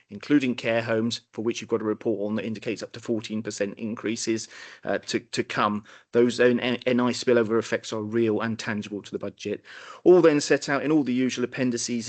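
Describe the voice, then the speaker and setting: A man, a council finance officer, giving a formal budget briefing in a quick manner with dry humour, in a council meeting room. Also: medium pitch.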